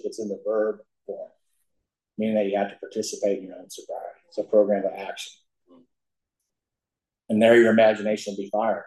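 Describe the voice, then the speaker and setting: A man's voice: fairly low pitch, a little mellow. An older man speaking to a recovery meeting, telling his story in a folksy, emphatic way. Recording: echoey hall.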